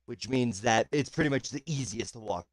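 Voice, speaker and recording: Man game-mastering, halting and dry. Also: medium pitch, no room sound. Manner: halting, restarts often while describing. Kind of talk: narrating a tabletop game.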